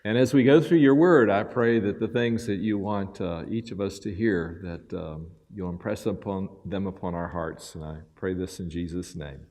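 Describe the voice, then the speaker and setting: A man, the church's pastor, leading an opening prayer in an earnest, relaxed way, his voice trailing off softly at the ends of phrases. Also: deep voice, moderate pace, hardly any pauses. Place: church sanctuary. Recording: long church hall reverb.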